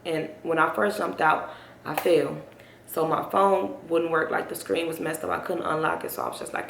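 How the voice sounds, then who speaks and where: A young woman with a low, expressive voice and vocal fry tells her vlog audience a personal story at a normal pace, rambling and speaking straight to them. There's a roomy echo and faint background noise.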